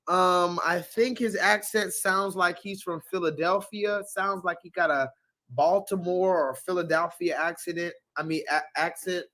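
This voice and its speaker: A man talks to his stream's chat in a loose, conversational way and tells a story in a drawn-out manner. His voice sits high and he speaks slowly. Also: a bit bright. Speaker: streamer talking to a live chat. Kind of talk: casual livestream chat.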